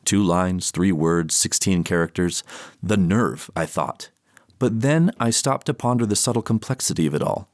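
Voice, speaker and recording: A man's voice: low-pitched, normal speed, no echo, studio quality. A man reading his own audiobook, moving between mock-earnest, theatrical literary analysis and short poems. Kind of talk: audiobook narration of poems and essays.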